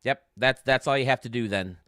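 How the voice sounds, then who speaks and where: A man's voice: mid-range voice, brisk, a bit bright, no echo, studio quality. A man hosting a casual livestream from home, chatting as he explains game menus step by step. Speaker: YouTube gaming streamer.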